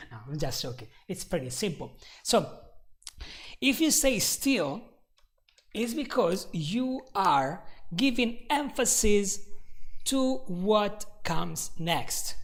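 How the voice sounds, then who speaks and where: A man giving a live English lesson with a slow, unhurried delivery and a gravelly edge to his voice. He repeats each example patiently and drops in small jokes for his viewers. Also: a little high. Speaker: English teacher.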